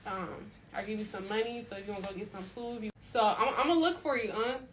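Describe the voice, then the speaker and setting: A woman's voice: medium pitch, quick pace. A young woman vlogging on her phone outdoors on city streets, chatty and emotional, talking straight to her viewers. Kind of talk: casual phone vlog. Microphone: phone camera at arm's length. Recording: loud street noise behind.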